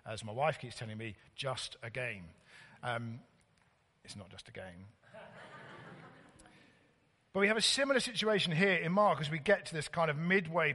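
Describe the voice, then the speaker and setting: A man preaching a sermon as a visiting preacher, conversational and halting, full of fillers and restarts. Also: medium pitch, bright, forceful tone, in a large hall.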